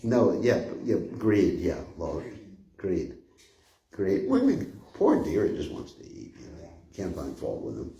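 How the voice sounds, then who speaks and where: A man's voice: low-pitched, wildly swooping pitch, a little slow, warm tone, dull audio. An older man giving an informal scripture class, rambling and conversational, often chuckling. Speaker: spiritual teacher giving a class. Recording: echoey room.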